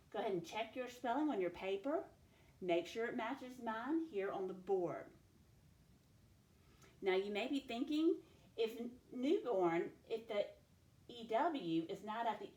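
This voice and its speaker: A woman teacher giving a recorded classroom lesson, speaking slowly and clearly as she models each word sound. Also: mid-range voice, a little mellow, roomy sound. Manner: slow, clear phonics modelling, stretching out sounds.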